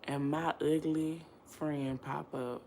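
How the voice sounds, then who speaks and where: A young woman telling a personal story straight to her viewers in a slangy, emotional way, sliding from low murmurs into loud laughing outbursts. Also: flat delivery, slow, a little hiss or hum. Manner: slangy, addresses viewers directly. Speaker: vlogger.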